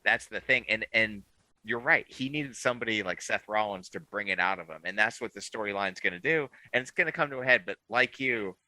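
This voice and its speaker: A man with a very bright, sharp edge to his voice tells his take as an animated storyteller, swinging his voice high and low. His voice sits on the lower side, and the sound is dry and close with no room echo. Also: a little fast. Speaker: podcast co-host. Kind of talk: casual wrestling chat.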